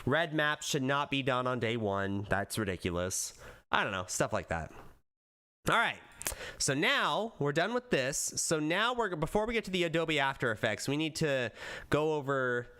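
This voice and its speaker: A man streaming live, chatting casually and rambling excitably while he browses videos, laughing often. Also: fairly high pitch, normal speed, clean tone.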